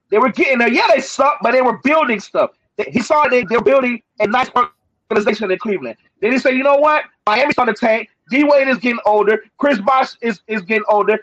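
Man, very high voice, heated sports debate, repetitive, emphatic, dull lo-fi audio. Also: fairly bright tone, no echo. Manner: emphatic, repeats himself, talks over others.

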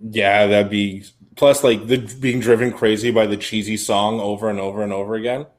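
A man's voice: fairly low pitch, fairly even intonation, brisk. A man co-hosting a podcast in casual chat, rambling along with plenty of filler words. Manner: rambling, heavy use of "like". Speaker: podcast co-host.

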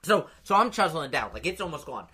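Bright-voiced man telling a story. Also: a little high, husky. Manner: animated, laughing, quick retelling with many fillers. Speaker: podcast co-host. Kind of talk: casual storytelling chat.

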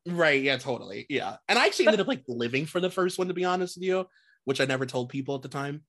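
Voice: medium pitch, animated, fast, a bit bright. A podcast co-host chatting casually, reading gossip items and laughing often. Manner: laughs often, loose and joking, swears casually.

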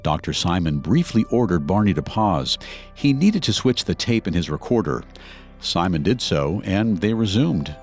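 A man with a very low but lively, animated voice narrates a true story in scripted podcast style. He tells it expressively and dramatically. Faint music sits underneath. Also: normal speed.

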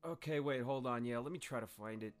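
A young man as a guest in a casual podcast chat, deadpan and joking, with frequent swearing. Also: medium pitch, quick pace, faint music behind.

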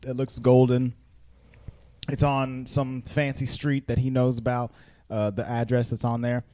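A man's voice: mid-range voice, little pitch movement, a little slow, warm tone, no echo, clean studio sound. A man casually recapping a movie with friends on a podcast, rambling and laughing often. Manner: rambling, laughs often, slips into silly character voices. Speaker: podcast host. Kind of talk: casual chat, recapping a film.

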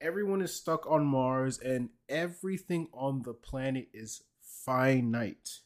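A man's voice: medium pitch, unhurried, hardly any pauses. A man hosting a podcast, casually explaining a video game's story and joking with his co-host. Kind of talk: casual chat.

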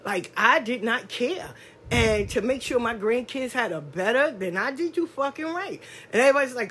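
A woman's voice: a little high, expressive, fairly bright tone, a little hiss or hum. A middle-aged woman, telling her own life story candidly and emphatically, full of slang and swearing. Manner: street slang, drawn-out stresses. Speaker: podcast speaker. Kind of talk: personal testimony monologue.

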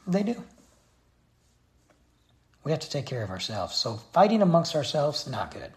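A man's voice: fairly high pitch, very animated, normal speed. A man giving a blunt, exasperated opinion rant straight to his viewers. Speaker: vlogger. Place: Texas.

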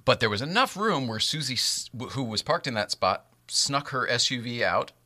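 A man hosting a casual chat, telling a story in an animated way and laughing often. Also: medium pitch, moderate pace, dry recording. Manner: animated, laughs often, acts out voices in quotes.

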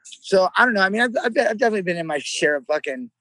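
A brash man from San Jose chats as a guest, swearing nonstop and telling stories with lots of energy. His voice sits high and sounds bright. The recording is dry and close. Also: rapid-fire, no room sound, poor audio. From San Jose, California. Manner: brash, swears constantly, animated storyteller. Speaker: musician guest. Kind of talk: casual chat.

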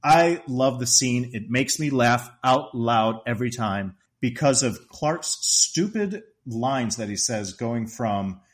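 Male podcast co-host, mid-pitched, animated storyteller who laughs a lot and quotes the characters. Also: unhurried, few pauses. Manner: laughs often while talking. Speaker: podcast co-host discussing a movie. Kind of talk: casual movie chat.

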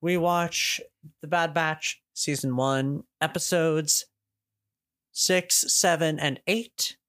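A man's voice: on the high side, steady tone, slow pace, a bit bright, no echo, studio quality. A young man hosting a podcast in casual chat, mostly brief agreement, then reading the closing sign-off. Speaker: podcast host.

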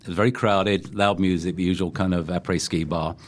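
A man's voice: low voice, steady tone, fairly quick. A man in his sixties from England with a London accent, chatting as an interview guest and telling self-deprecating stories. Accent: London English. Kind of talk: casual interview chat.

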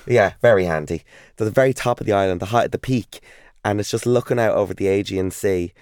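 An Irish man in his thirties tells travel stories in a relaxed, chatty way, full of fillers and restarts. His voice sits fairly low and sounds smooth and resonant, recorded close and dry. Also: fast, no echo. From Ireland. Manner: chatty, enthusiastic storyteller with many fillers and restarts. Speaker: guest. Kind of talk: casual interview chat.

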